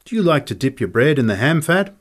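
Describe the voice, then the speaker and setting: A man voicing a calm, courteous camp cook who speaks in a polite, measured way. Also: on the high side, pitched above the performer's own voice.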